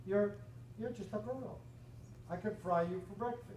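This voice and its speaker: A man's voice: high-pitched, normal speed, darkish tone, voice pushed up, lightly acted. A man voicing a lonely, weepy male dragon who pleads and sobs, read aloud to a class. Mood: scoffing. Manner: sobbing, pleading. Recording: echoey lecture hall from far off, noisy.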